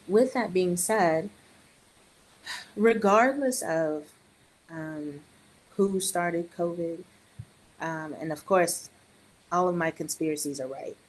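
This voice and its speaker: A middle-aged woman and early childhood educator, chatting on a podcast in an animated way with joking asides. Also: fairly low pitch, takes it slowly, pauses often, poor audio. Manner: animated, joking asides, quotes others in raised voice. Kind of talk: casual podcast conversation.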